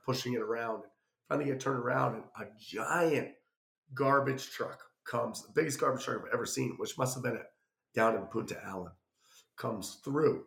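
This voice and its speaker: A man spins a loose, chatty travel story, slipping into little acted-out quotes as he goes. His voice has a gravelly rasp at mid pitch. The room around him rings with a noticeable echo. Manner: rambling, animated anecdote with acted-out quotes. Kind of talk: casual storytelling. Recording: roomy echo.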